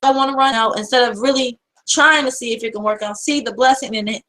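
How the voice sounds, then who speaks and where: A woman's voice: a little high, fairly even intonation, quick pace, fairly bright tone, low-quality recording. A woman hosting an empowerment show, giving earnest, repetitive, preacher-like encouragement in casual motivational talk.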